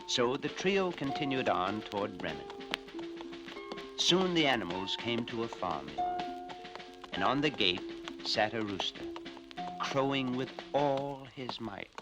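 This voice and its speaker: A man's voice: medium pitch, a little slow, long pauses, over loud music, poor audio. Man narrating fairy tales animatedly. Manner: animated, expressive. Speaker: storyteller. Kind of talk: scripted fairy-tale narration.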